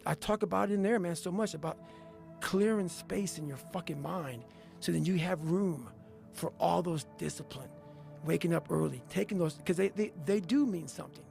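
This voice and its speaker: Gravelly high-pitched man, intense and profane. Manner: intense, profane, hammering repetition. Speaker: motivational speaker. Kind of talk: motivational talk. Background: faint music.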